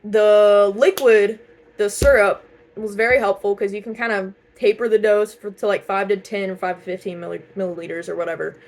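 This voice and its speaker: Young woman yapping to her camera, lots of likes and ums, laughs a bunch, mid pitch. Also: steady tone, a little fast, a little mellow, a little hiss or hum. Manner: chatty, laughs often, many fillers and restarts. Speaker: vlogger. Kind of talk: casual chat.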